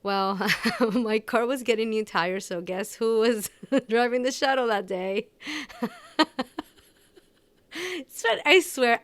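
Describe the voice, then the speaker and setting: Woman, podcast host, candid storytelling, smooth clear voice, dry close recording. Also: on the high side, dry recording. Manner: candid, animated storytelling with laughs and quoted dialogue. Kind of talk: unscripted personal podcast monologue.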